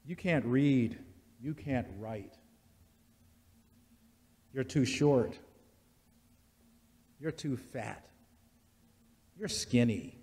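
A man preaching a sermon in a church, slow and deliberate, building repeated litanies that rise in intensity. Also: medium pitch, expressive, a little mellow. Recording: long church reverb.

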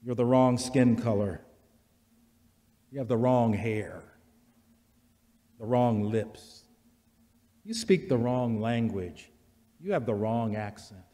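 A man preaching a sermon in a church, slow and deliberate, building repeated litanies that rise in intensity. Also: mid-range voice, dark tone. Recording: long church reverb.

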